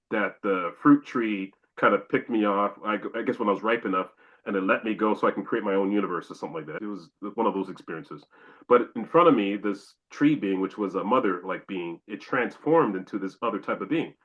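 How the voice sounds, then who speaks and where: Low-voiced man telling a vivid story. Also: muffled recording. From Canada. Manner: animated, acts out his own exclamations. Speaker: podcast guest. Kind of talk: storytelling in a podcast interview.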